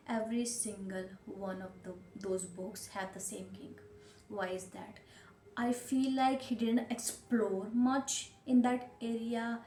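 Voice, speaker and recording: A chatty woman reviews her month's reading in a casual vlog, opinionated and quick to restart her sentences. Her voice bounces around an echoey room, with a faint hiss of noise behind her. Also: fairly high pitch, a little mellow. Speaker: book reviewer.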